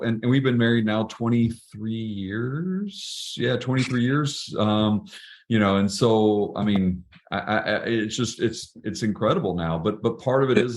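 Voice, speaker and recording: In a recording with slight background noise, a middle-aged man with a fairly low voice talks as a podcast guest. The conversation is a casual interview, and he recounts personal stories earnestly and reflectively, restarting frequently.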